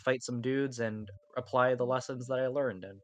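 A woman's voice: rumbling low, moderate pace, no room sound. A young woman co-hosting a casual gaming podcast chat, explaining her views earnestly and analytically, with casual swearing. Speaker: podcast co-host.

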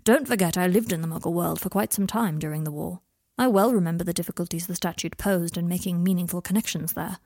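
Woman reading as an older male official wizard, calm, formal, measured, husky, dry, storybook reading. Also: fairly low pitch, no echo.

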